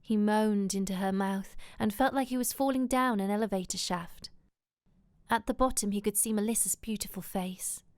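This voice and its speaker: A woman reading a romance novel aloud in a soft, intimate, often whispered way. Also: medium pitch, normal speed, no echo, studio quality. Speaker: audiobook reader.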